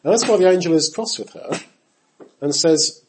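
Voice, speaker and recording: This preacher's voice is a little high and moves at normal speed, though the recording quality is low. He teaches Scripture conversationally, addressing his audience directly and dramatizing quoted passages with changes in voice.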